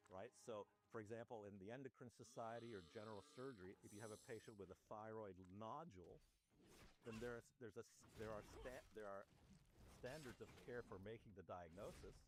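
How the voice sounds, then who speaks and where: A man speaking as a guest physician in an interview, explaining in a measured way and often rephrasing. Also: on the low side, noisy background. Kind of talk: interview discussion.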